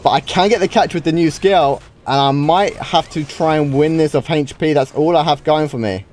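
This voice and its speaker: At a moderate pace, a British man with a slightly high, slightly mellow voice chats casually through his live game duels. As a streamer, he reacts frequently, says wow a lot, and restarts sentences. Game music can be faintly heard.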